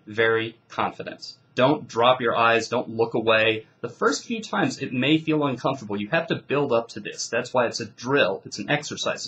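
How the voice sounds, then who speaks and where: A man's voice: mid-range voice, a bit bright, rough recording. A man coaching debaters, giving instruction in an emphatic, declarative way. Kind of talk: instructional talk.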